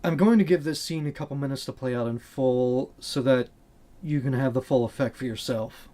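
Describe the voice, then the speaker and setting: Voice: medium pitch, moderate pace, mellow. A channel host giving candid, earnest commentary on a video game, blunt and swearing casually.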